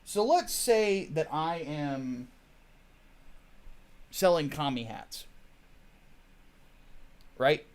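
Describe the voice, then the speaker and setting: A man hosting a livestream, ranting casually and wandering off on tangents while swearing freely. His fairly high voice swings up and down with animated emphasis. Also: extremely slow, long pauses. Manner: profane, digressive, chatty. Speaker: host.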